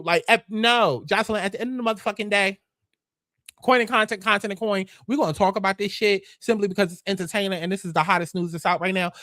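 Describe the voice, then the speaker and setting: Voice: medium pitch, fairly bright tone, dry recording, clean studio sound. A gossip show host giving blunt, profane, sassy commentary in a casual, mocking way.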